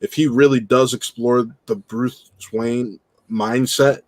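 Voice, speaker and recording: A man's voice: medium pitch, steady tone, slow pace, no room sound. A man in a casual podcast discussion, eagerly pushing back in to finish his point.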